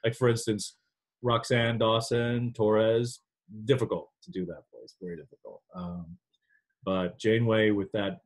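A man being interviewed over a video call, chatting casually and animatedly with frequent laughs. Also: lowish voice. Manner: animated, laughs often, quick asides. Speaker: actor guest.

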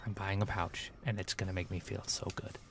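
A man's voice: sits low, little pitch movement, a little fast, gravelly, a little hiss or hum. A man giving gameplay commentary, grumbling and sarcastic as he talks to his audience. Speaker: let's play gamer.

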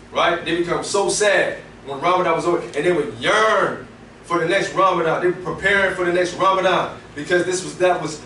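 A man giving a Friday sermon in a relaxed, conversational way, often checking in with "right?". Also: a little high, a little hiss or hum. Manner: conversational, frequent "right?" tags. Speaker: preacher. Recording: echoey room, mic at a distance.

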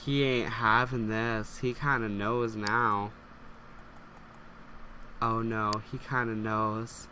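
A young man giving casual let's play commentary, excitable and gasping as he reacts and talks to his viewers. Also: fairly low pitch, slow pace, long pauses, a little hiss or hum. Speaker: gameplay commentator.

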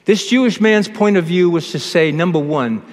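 Priest preaching in a reverberant church. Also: male voice, high-pitched, lively intonation. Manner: measured preaching with pauses and restarts. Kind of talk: homily.

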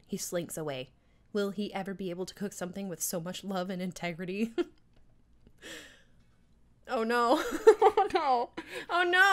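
A woman streaming a dating game, reading it aloud with sarcastic asides, frequent giggles and loud reactions. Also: medium pitch.

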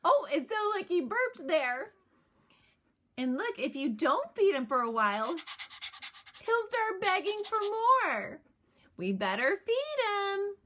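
A woman's voice: very high voice, sing-song, slow, long pauses, fairly bright tone. A woman narrating a toy unboxing off camera, gushing and giggly in a sing-song way. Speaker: toy reviewer.

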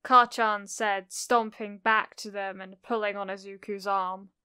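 A woman narrating a cozy fan fiction audiobook in a gentle, unhurried storytelling manner. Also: medium pitch, fairly even intonation, smooth, no echo, studio quality.

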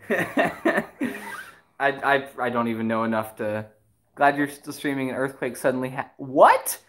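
A livestream host and musician chatting casually with viewers, giggling often and rambling excitedly between songs. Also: medium pitch, measured pace.

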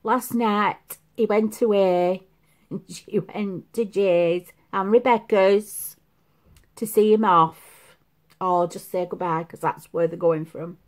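A woman's voice: mid-range voice, fairly even intonation, slow pace. A woman in her fifties chatting at home in a make-up vlog, rambling and confiding. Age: 50s. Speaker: make-up vlogger. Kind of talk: casual chat. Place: at home, seated.

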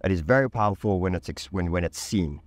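A man's voice: low-pitched, fast, dry recording. A man speaking as a podcast guest, telling a candid personal story with intense emphasis, casual slang and swearing.

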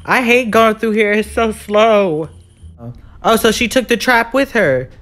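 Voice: medium pitch, unhurried, a bit bright. A gamer giving live commentary on a horror game, jumpy and sassy, shrieking when scared and talking back to the villain. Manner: frightened shrieks and repeated exclamations.

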